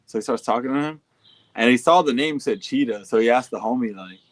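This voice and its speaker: A young man talks casually into his stream mic, reading fan shout-outs and riffing in easy, slang-heavy speech with a fair amount of swearing. His voice sits at an ordinary male pitch. The sound is dry and close, with no room echo. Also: brisk. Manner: laid-back, slangy, profane, riffing. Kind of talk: casual livestream chat.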